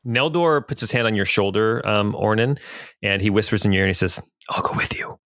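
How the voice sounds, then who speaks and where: A man's voice: lowish voice, brisk, a bit bright, no echo. A man narrating as game master of a tabletop adventure, describing scenes with frequent hesitations and fillers.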